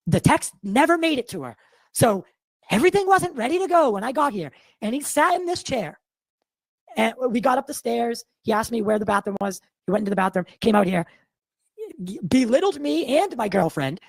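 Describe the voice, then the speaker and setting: A man from Massachusetts hosting a podcast, telling a story in a rambling, animated way and swearing freely, audibly shaken. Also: extremely high pitch, normal speed, vocal fry, no room sound. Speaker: podcast host.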